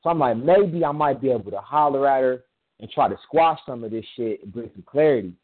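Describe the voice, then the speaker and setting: A man's voice: medium pitch, expressive, a little fast. A man in casual chat, telling a personal story in a rambling, emphatic way with frequent restarts. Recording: tinny phone-line sound.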